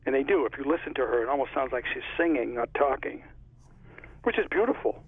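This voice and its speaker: A man's voice: mid-range voice, expressive, quick pace, husky, no echo. Connecticut man on a tinny phone line. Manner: chatty, rambling storyteller. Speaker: author being interviewed. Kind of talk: casual phone interview.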